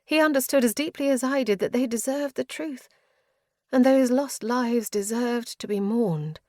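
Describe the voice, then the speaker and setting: A woman's voice: fairly high pitch, normal speed, a little mellow, dry recording. Female fantasy audiobook narrator, earnest, grief-laden, dry close mic.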